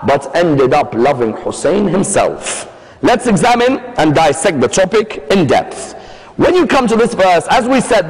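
A man giving a religious lecture, telling the story with emphasis and posing rhetorical questions. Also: sits high. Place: Islamic centre lecture hall. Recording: long hall reverb.

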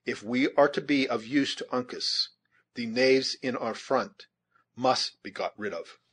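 A man voicing a seasoned frontier scout, adult and practical, who speaks in a plain, deliberate old-fashioned way with a husky voice. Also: mid-range voice, fairly bright tone. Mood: calm, wary.

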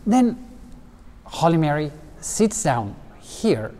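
Lively man guiding through an echoing cloister. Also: fairly high pitch, slow. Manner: lively, explaining with asides. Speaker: tour guide. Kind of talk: casual guided tour. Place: stone cathedral cloister, indoors. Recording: long reverb of a stone cloister.

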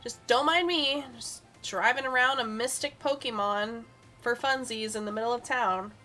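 A woman's voice: fairly high pitch, moderate pace, pushed and bright. A young woman streaming a video game, giggly and chatty, talking to the characters on screen. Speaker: gaming streamer. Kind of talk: casual let's-play commentary. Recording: faint game music behind.

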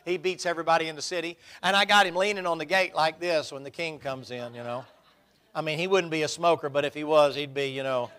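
Folksy preacher. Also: male voice, mid-range voice, fairly bright tone. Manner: folksy, humorous storytelling. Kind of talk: sermon.

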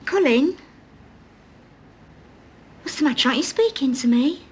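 Middle-aged woman, would-be posh, chirpy and coaxing; high, lively voice. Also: unhurried, slight background noise. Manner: chirpy, coaxing, sing-song. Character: prim chatty middle-aged woman trying to sound posh. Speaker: employer. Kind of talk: 1980s film drama acting.

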